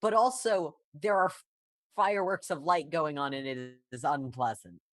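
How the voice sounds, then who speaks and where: A woman's voice: deep voice, moderate pace. A woman chatting at a tabletop game, making wry, self-mocking asides. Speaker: player. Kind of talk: casual tabletop chat.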